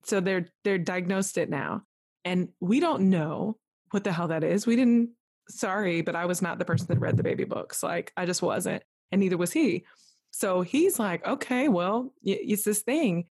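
A woman guest on a podcast telling an emotional personal story in a lively, rambling way, full of "like", acting out what others said. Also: fairly low pitch, moderate pace, slightly rough, dry recording, clean studio sound. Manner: animated, full of "like", acts out quoted voices. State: tearful at moments.

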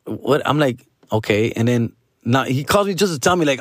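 A man's voice: medium pitch, animated, normal speed, fairly bright tone, no echo, clean studio sound. A man, slangy and swearing, slipping into Spanish phrases. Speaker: comedian podcast host. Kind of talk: casual podcast monologue.

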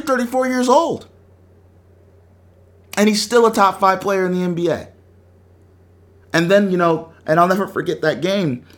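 A young man hosting a sports talk show, telling an emotional story and acting out the quotes. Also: high voice. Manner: animated storytelling, acts out quotes.

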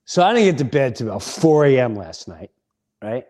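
A middle-aged man hosting a podcast, telling a comic story in a casual, animated way and acting out the other people in it. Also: mid-range voice, fairly quick. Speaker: podcast host.

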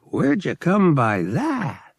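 A man's voice: on the high side, wildly swooping pitch, slow, gravelly, slightly rough, no echo, clean studio sound, voice pushed up, full character voice. A man voicing a cordial, cagey older male gambler who talks in an easygoing, friendly way. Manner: cordial, drawling.

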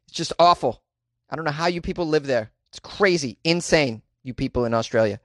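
A man's voice: on the high side, moderate pace, dry recording. A man reading news stories aloud and cracking sarcastic jokes about them. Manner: sarcastic, wisecracking, laughs at own jokes. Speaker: comedic news commentator. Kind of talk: reading news with joking commentary.

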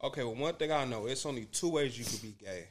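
A man's voice: medium pitch, quick pace. A man speaking as a guest in a casual chat, laid-back and laughing through his words.

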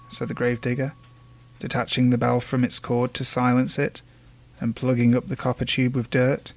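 A man narrating urban legends in a measured, hushed, ominous way. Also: mid-range voice, level tone. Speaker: storyteller. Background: faint music.

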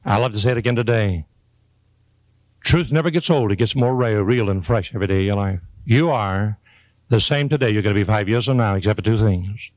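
A man's voice: lowish voice, fairly quick, dry recording, low-quality recording. An older man giving a motivational speech to a live audience, folksy and joking, with emphatic repeated lines. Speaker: motivational speaker.

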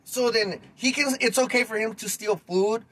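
A man's voice: sits high, normal speed, fairly bright tone, poor audio. A man hosting a podcast, delivering a heated, blunt rant full of slang and speaking straight to his listeners. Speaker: podcast host. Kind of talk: ranting podcast monologue.

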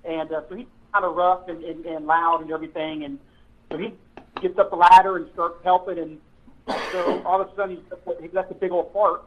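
Retired cop calling in, tinny phone sound, kinda high voice, rambles and stumbles. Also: male voice, flat delivery. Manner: rambling storyteller, halting, many fillers. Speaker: guest, retired police officer. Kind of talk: casual chat.

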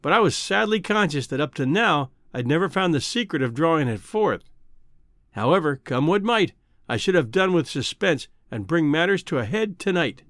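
Expressive male storybook narrator. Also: on the high side, moderate pace, dry recording, studio quality. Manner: expressive, old-fashioned literary reading. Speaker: audiobook narrator.

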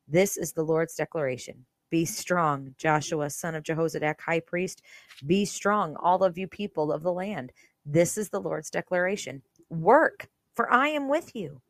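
Woman podcaster with a low voice, reading the Bible aloud with earnest, casual commentary, recorded dry and close. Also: no room sound. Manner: earnest, conversational, many fillers. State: briefly emotional.

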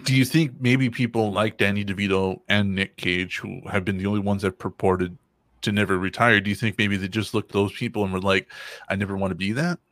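A man's voice: fairly low pitch, fairly even intonation, fairly quick, fairly bright tone, no room sound, clean studio sound. A man co-hosting a casual chat, rambling and swearing freely, often laughing. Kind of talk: casual banter.

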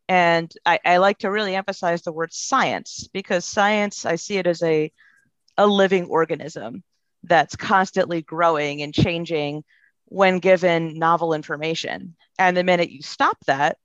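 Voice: medium pitch, fairly bright tone, no room sound. A guest speaking as a professional in their field, giving earnest, thoughtful answers in a podcast interview. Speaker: guest, behavior analysis professional. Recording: dull, dry lo-fi sound.

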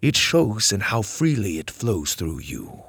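A man voicing a solemn, wise male servant of light, speaking in a slow and grave way. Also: fairly low pitch, very animated, vocal fry, fairly bright tone, husky, no echo, full character voice.

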